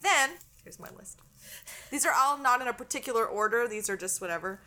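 A woman's voice: fairly high pitch, fairly quick. Canadian woman telling stories, swearing freely. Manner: animated storytelling, swears freely. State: itchy. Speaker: podcast co-host. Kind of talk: casual chat.

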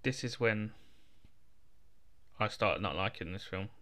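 A man's voice: fairly low pitch, measured pace, sharp tone. A man, co-hosting a casual film chat, laid-back and jokey as he quotes the characters. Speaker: podcast co-host.

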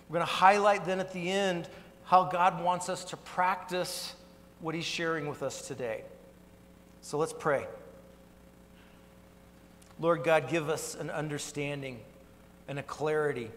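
A pastor gives a sermon in an earnest, conversational manner, his voice a little higher than most men's. He speaks in a church sanctuary, and his words trail off into a long reverb. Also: a bit bright, a little hiss or hum.

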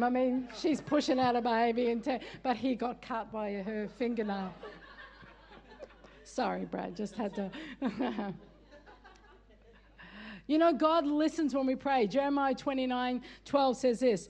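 High-voiced woman preaching with stories. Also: measured pace, pauses often. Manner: lively storytelling, laughs often, rising into emphatic preaching with repeated "come on". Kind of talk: sermon with personal stories.

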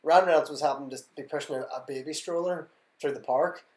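A young man hosting a podcast in casual chat, rambling and trailing off as he goes. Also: on the high side. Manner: rambling, quick, trailing off mid-sentence. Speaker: podcast host. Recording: echoey room.

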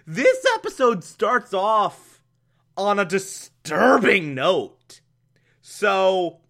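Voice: medium pitch, bright, forceful tone. A reviewer recapping an old TV episode in casual, sarcastic, exasperated commentary. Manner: sarcastic, exasperated, bursts into laughter.

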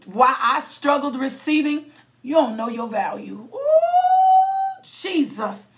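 A woman preacher delivering an impassioned sermon, often shouting, breaking into sudden high cries of "ooh" and repeating her phrases. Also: measured pace, noisy background.

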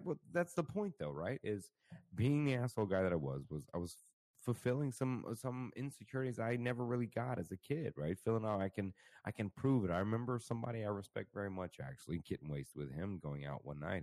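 A man in his thirties co-hosting a radio talk show, telling stories in a profane, animated way. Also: on the low side, dry recording. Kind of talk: casual on-air chat.

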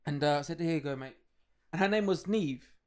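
A man's voice: on the high side, brisk, darkish tone. A man co-hosting a podcast in casual chat, who swears freely, acts out what people said and laughs a lot. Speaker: podcast co-host.

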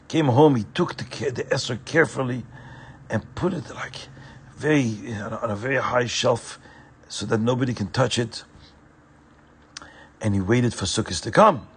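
In a mid-range, slightly rough voice, a man tells a story to children in an animated way, at times turning to speak to the listeners directly.

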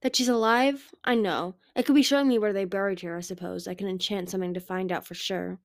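A woman's voice: medium pitch, fairly even intonation, fast, no room sound, close to an everyday voice. A brooding young male dragon speaks from a storybook in an earnest, pleading way. He sounds intense but troubled, as a woman reading aloud voices him. The recording is dry and close.

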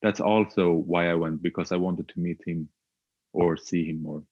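Deep-voiced man, hesitant storytelling. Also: fairly even intonation, breathy edge, no room sound, muffled recording. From Sweden. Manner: hesitant, halting, with frequent filler sounds. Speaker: podcast guest. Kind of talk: reflective personal storytelling.

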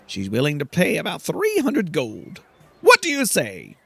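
A man's voice: a little high, huge pitch swings, measured pace, creaky, a bit bright, husky, no room sound, heavily acted. A man voicing an earnest, deferential young male servant, reading his game lines aloud. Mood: eager.

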